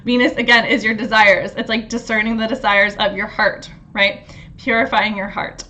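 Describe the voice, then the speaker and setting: A woman hosting a casual astrology talk, animated, laughing often and swearing freely. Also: medium pitch, moderate pace, muffled recording. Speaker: astrology host.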